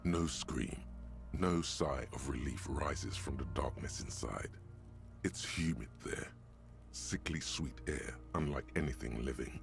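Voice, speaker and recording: A brooding, all-seeing game narrator with a very deep, gravelly voice. He narrates in a slow, deliberate, dark second-person style. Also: faint music behind, full character voice. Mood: grim. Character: grim, omniscient male game narrator.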